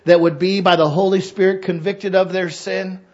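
A man preaching a sermon as pastor in a church, candid and self-deprecating, swinging from quiet confiding to loud impassioned preaching. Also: high-pitched, little pitch movement, moderate pace, dull audio. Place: church sanctuary.

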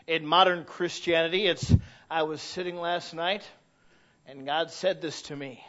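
A man with a high-pitched voice preaches a sermon with passion, and his stories sometimes build to shouts. The recording sounds dull and lo-fi. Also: fairly even intonation, a little slow. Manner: impassioned, rising to shouted emphasis; storytelling asides.

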